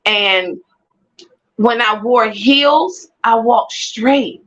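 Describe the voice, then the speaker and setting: A woman telling her personal testimony as an animated storyteller who repeats phrases for emphasis. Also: a little high, extremely slow, muffled recording. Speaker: guest sharing a personal testimony.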